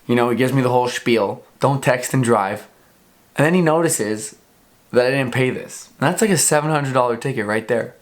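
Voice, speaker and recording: A young man tells a story to camera in a casual, animated way. He swears freely and acts out both sides of the exchange, and his voice sits at a middling pitch. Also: moderate pace. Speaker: vlogger.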